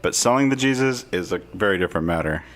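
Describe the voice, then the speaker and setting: A man's voice: low voice, animated, quick pace. A man co-hosting a casual podcast, wry and sarcastic, laughing often as he talks. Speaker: podcast co-host, social worker.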